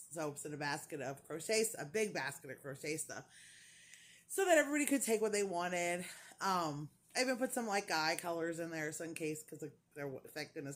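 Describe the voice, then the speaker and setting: A woman in casual chat, telling a story with lots of laughter and playing the other people's voices in quotes. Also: on the low side. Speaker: crochet vlogger.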